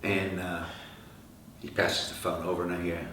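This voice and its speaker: A middle-aged man, a rock singer, telling lively stories in an interview and acting out the voices of the people in them. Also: low-pitched, brisk. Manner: animated anecdotes, acting out quoted dialogue. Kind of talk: storytelling interview answers. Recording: echoey room, from far off, faint noise.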